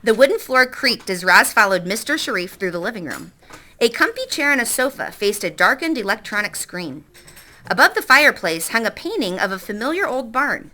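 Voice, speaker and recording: Teacher lady reading a story to the class, bouncy and expressive, bright tone. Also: a little high. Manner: expressive, stops to quiz the class. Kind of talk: reading a novel aloud to a class.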